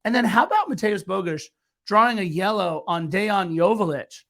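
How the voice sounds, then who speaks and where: Male fan-podcast co-host, high and bright, excitable recap delivery. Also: normal speed, creaky. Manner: excitable play-by-play recap, teasing.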